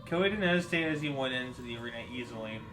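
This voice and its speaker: A man's voice: mid-range voice, expressive, racing, background noise. A man narrating a fan audio drama in a plain storytelling way, with small reading slips. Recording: music bed under voice. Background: music.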